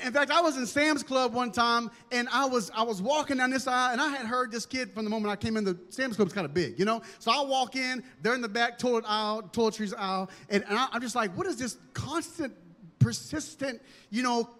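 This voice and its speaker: A man preaching a sermon as pastor, animated and humorous, with dramatic emphasis. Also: sits high, in a large hall.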